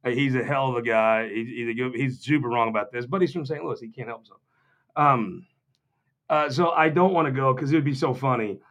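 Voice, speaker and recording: A man's voice: mid-range voice, fairly quick, fairly bright tone. Sardonic, rambling man from Missouri. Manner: sardonic, joking and rambling, with mocking asides. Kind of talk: off-the-cuff humorous political talk.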